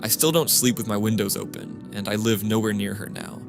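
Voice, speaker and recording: A man reading first-person stories aloud as scripted narration, in a steady, flat reading manner. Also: fairly low pitch, a little fast. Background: music.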